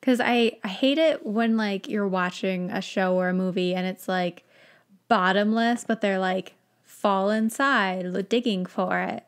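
A woman's voice: mid-range voice, unhurried. A young woman hosting a podcast, chatting and laughing between reading a story aloud. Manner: chatty, laughs often, uses "like" a lot. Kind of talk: casual chat and story reading.

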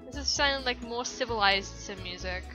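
A woman's voice: fairly high pitch, brisk. Chatty, swearing woman playing a game. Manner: profane, chatty, rambling. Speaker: gaming video host. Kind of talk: casual let's-play commentary. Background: game music.

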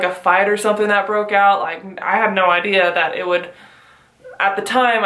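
A woman's voice: mid-range voice, sharp tone, echoey room, rough recording. A young woman vlogger casually telling a wild personal story, swearing often and laughing through it. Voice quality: frequent swearing.

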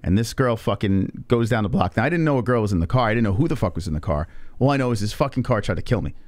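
A man's voice: lowish voice, lively intonation, very fast, darkish tone, no echo. A man hosting a live stream, telling a story in a casual, profane way and acting out the people he quotes. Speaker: stream host.

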